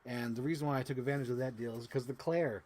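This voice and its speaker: Brief: man, mid-pitched voice, rambling unboxing chatter full of fillers and mild swearing, spikes into squealing excitement. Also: quick pace, slight background noise. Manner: bursts into high-pitched gushing excitement. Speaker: toy collector vlogger. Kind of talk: casual unboxing chat.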